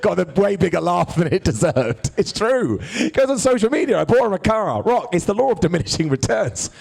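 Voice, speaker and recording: A man's voice: high-pitched, a little fast, vocal fry. A man hosting a live wrestling review show, joking and bantering with people in the crowd. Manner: jokey, animated, bantering with hecklers.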